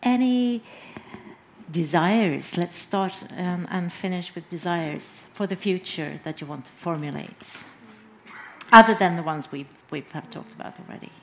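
A woman moderating a discussion, speaking deliberately and laughing readily. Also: on the low side, a bit bright.

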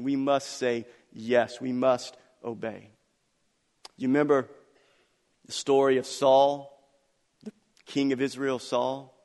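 A middle-aged man preaching a sermon as pastor, animated and acting out the voices of the people in his story. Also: fairly high pitch, big-room sound.

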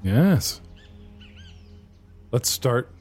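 A man's voice: medium pitch, very animated, extremely slow, a little mellow, faint music behind. American guy gm'ing a tabletop game, jokey, laughs a lot. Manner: joking, laughs often. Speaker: game master. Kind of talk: running a tabletop game, casual banter.

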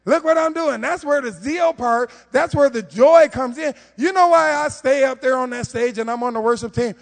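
A man preaching a conversational sermon to his church, animated and humorous, full of rhetorical questions. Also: extremely high pitch, normal speed, creaky. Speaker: preacher on the worship team. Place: church sanctuary. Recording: long reverb of a church hall.

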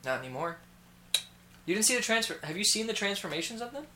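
A man's voice: high-pitched, quick pace, slight background noise. A man co-hosting a casual podcast, animatedly retelling a reality show with lots of swearing. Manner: ranting, profane, animated storytelling. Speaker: podcast co-host. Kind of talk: casual chat.

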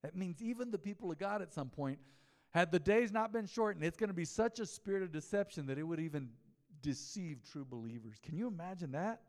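A pastor talks a little fast through a laid-back mid-week sermon in a church sanctuary where the sound lingers in a long reverb. His somewhat high male voice stays conversational as he shares stories and questions the congregation.

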